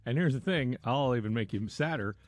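A man's voice: mid-range voice, expressive, fairly quick, dry recording. A man hosting a radio show, chatting and teasing his co-host in casual on-air banter.

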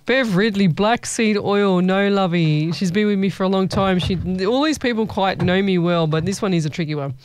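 Brief: woman, radio host, smooth, clear voice, dry studio sound, easygoing chatter with listeners. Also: medium pitch, normal speed, few pauses, dry recording. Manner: chatty, warm-hearted, calls listeners "lovey". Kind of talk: casual call-in radio chat. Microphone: studio microphone.

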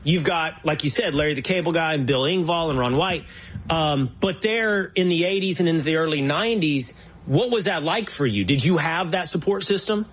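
Husky man asking rambling questions. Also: on the high side, a bit bright. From small-town Texas. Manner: halting, rambling, restarts mid-question. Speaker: interview host. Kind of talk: conversational interview.

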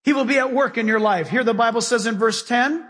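Husky high-voiced preacher in a reverberant hall. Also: male voice, a little fast, fairly bright tone. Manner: emphatic, folksy preaching with direct questions to the congregation. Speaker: pastor. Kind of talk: sermon. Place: church sanctuary with a live congregation.

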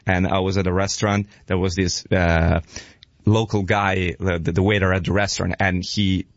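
A man's voice: sits low, level tone, normal speed, no echo, dull audio. A man from Italy with an Italian accent, a guest chatting on radio who laughs often. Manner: laughs often, playful and warm. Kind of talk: casual radio chat.

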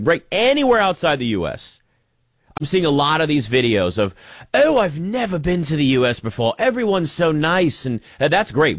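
A man, a sports commentator giving an opinionated monologue, animated and sarcastic, with frequent restarts. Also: mid-range voice, no echo, studio quality. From United States.

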